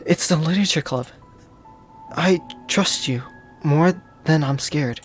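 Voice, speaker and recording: A game player reading aloud as a timid, sad teenage girl who speaks softly and hesitantly. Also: mid-range voice, a little slow, faint music behind, natural voice. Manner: soft, hesitant. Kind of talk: reading a visual novel aloud.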